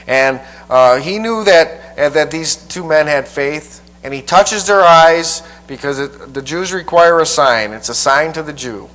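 A man preacher teaching a Bible passage verse by verse in a folksy, halting way, often repeating his words. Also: fairly high pitch, a bit bright, low-quality recording.

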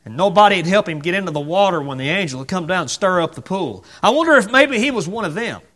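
A man's voice: high-pitched, animated, fast talker, a bit bright. A man preaching a sermon in a church, conversational and full of rhetorical questions, acting out the voices of the people in the story.

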